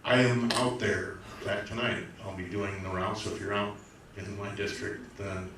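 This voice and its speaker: A man's voice: lowish voice, little pitch movement, normal speed. A man making a casual, friendly candidate's speech at a public forum. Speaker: political candidate. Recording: echoey hall from far off, noise.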